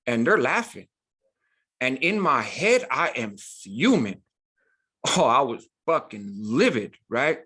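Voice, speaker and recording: A man's voice: medium pitch, big pitch swings, slow, bright, forceful tone, husky. Man telling a prison story emphatically. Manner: emphatic, street slang, frequent "right?" asides. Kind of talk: casual storytelling.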